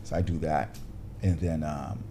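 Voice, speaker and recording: A man, an actor, telling an animated story from a film set, acting out the people in it, with many restarts and fillers. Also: rumbling low, unhurried, slight background noise. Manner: acts out quoted voices, frequent restarts and fillers.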